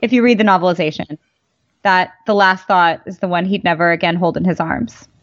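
A woman telling stories in casual fan chat, animated and emphatic, her voice jumping up for emphasis. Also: lowish voice, a little fast, dry recording. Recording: dull lo-fi dry mic.

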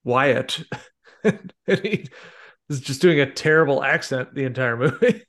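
Gravelly-voiced man hosting a podcast. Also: medium pitch, lively intonation, a little slow, a bit bright. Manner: rambling, lots of fillers and restarts. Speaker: podcast host. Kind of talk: casual movie chat.

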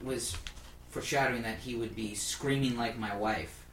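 A man co-hosting a comedy chat, reading quotes with a joking, halting delivery. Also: mid-range voice, fairly even intonation, roomy sound, recorded from a distance, over a noisy crowd. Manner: jokey, hesitant with fillers. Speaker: podcast co-host.

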